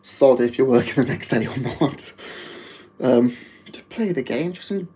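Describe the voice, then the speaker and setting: A man's voice: medium pitch, a little slow, mellow, slightly rough, low-quality recording. A man with a Wolverhampton accent chatting casually on a live stream, rambling and laughing often.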